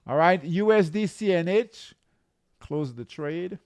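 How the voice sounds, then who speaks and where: A man coaching traders through charts, in an unhurried, gravelly voice. He keeps asking "okay?" and "right?" along the way. The sound is close and dry. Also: high voice, expressive, no room sound. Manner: repetitive, checks in with "okay?" and "right?". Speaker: trading coach. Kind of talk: live chart walkthrough.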